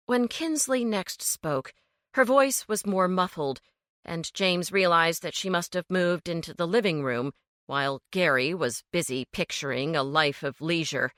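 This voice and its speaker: Bright, expressive woman audiobook narrator. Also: lowish voice, a little slow, no echo, clean studio sound. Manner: expressive storytelling. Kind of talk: scripted narration.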